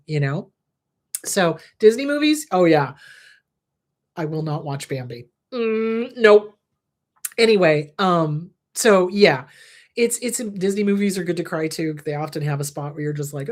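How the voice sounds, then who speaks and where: Middle-aged woman, podcast host, frank, reassuring, casual advice talk. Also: medium pitch. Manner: candid, frank, soothing reassurance.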